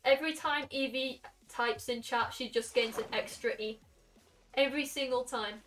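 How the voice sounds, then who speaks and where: A young woman in her late teens with a Welsh accent, chatting casually with her stream chat while gaming and throwing in quick asides. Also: high-pitched, a bit bright. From Wales. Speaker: game streamer. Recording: somewhat distant mic with faint music.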